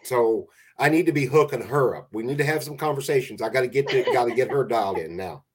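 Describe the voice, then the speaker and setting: A man's voice: mid-range voice, fast talker, slightly rough. A man who is a guest on a casual podcast, talking in a laid-back, rambling way with frequent restarts.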